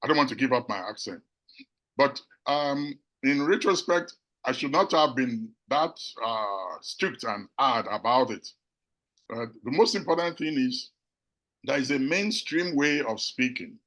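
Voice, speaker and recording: An older man, an immigrant physician and professor, answering a question on a panel discussion in an earnest, measured and reflective way. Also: medium pitch, animated, fairly bright tone, low-quality recording. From abroad, immigrant to the United States.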